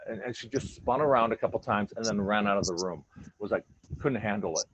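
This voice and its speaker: Low-voiced man telling dog stories. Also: fast talker. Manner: earnest, acts out his dogs' thoughts in quoted voices. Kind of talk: casual storytelling chat. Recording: dull lo-fi recording.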